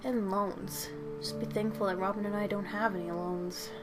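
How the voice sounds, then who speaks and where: At home and worn out from work, this young channel host chats while drawing, poking fun at herself as she rambles. She speaks at a moderate pace in a medium-pitched, fairly even voice over background music.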